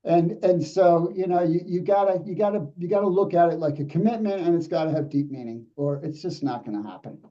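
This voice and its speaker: A man hosting a motivational podcast, talking quickly and emphatically, repeating his points as he builds up momentum. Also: a little high, warm tone, far from the mic, dull audio. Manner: fast, emphatic, repetitive phrasing. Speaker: podcast host.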